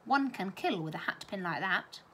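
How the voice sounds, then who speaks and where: A stern, gaunt older governess speaks in a gruff, dry and clipped manner, as a woman reads her lines. It sounds like a storybook read aloud. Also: mid-range voice, lively intonation, moderate pace, bright, forceful tone, slight background noise.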